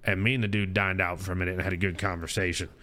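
A man's voice: low-pitched, flat delivery, racing, bright, forceful tone. A man in his thirties hosting a casual recap chat about his stream, rambling with lots of fillers and restarts. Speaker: streamer and podcast host.

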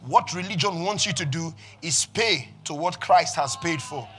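A pastor preaching to his church, his voice high and bright. He calls out to the congregation and swings between hushed lines and shouts. Faint music plays underneath. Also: moderate pace. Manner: preaching with call-and-response, swinging from quiet to shouting. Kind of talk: sermon.

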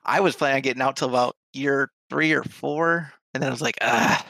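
A man's voice: mid-range voice, brisk, creaky, sharp tone, no room sound. A man co-hosting a podcast in casual chat, rambling with lots of fillers. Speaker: podcast co-host.

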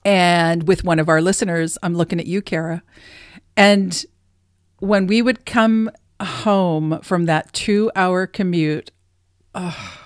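A woman's voice: lowish voice, steady tone, slow, dry recording, studio quality. A woman co-hosting a casual podcast chat, laughing often and reading tips aloud from an article. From Southern California. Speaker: podcast co-host.

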